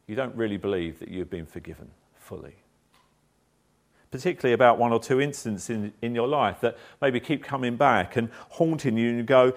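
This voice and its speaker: A man preaches a sermon with a lively, swooping delivery. His pitch sits in the middle, and he acts out the quotes as he moves between questions and explanation. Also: vocal fry. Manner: animated preaching with acted quotes. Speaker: pastor.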